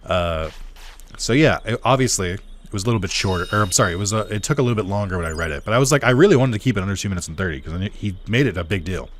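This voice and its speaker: A man's voice: lowish voice, animated, racing, slight background noise. A man hosting a let's play, chatting casually and rambling with self-deprecating asides while he plays. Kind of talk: casual gameplay commentary.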